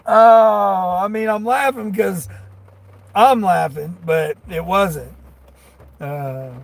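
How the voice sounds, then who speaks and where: A delivery driver chats casually on a live stream from inside his vehicle, speaking very slowly in a high voice with long pauses. He rambles in a folksy way, chuckling frequently.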